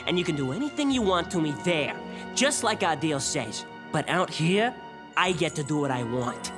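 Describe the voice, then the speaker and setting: Woman doing a tired, defiant spider demon guy, lively swings in pitch, loud music behind. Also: normal speed. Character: weary, defiant male spider demon performer.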